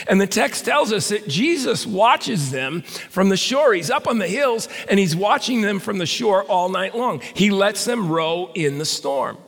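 A man's voice: high-pitched, lively intonation, measured pace, vocal fry, hardly any pauses, fairly bright tone. A male pastor preaching a sermon in a conversational way with stammered restarts, recorded in a reverberant hall.

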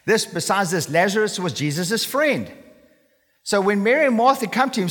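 A pastor with a high-pitched, animated, slightly bright voice preaches at normal speed, his sermon carrying long reverb in a large hall. Earnest and emphatic, he keeps checking in with listeners, asking for assent with "okay?"

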